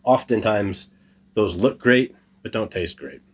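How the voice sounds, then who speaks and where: A man's voice: fairly low pitch, animated, measured pace, slightly rough. A man hosting a gardening channel, chatting upbeat and casual as he shows off his hydroponic harvest, with a joking, self-deprecating manner. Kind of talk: casual hands-on demonstration.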